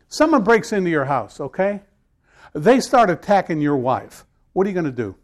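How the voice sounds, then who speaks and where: Storytelling male pastor, fairly high voice. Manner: conversational storytelling, rising to emphatic scripture reading. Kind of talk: sermon.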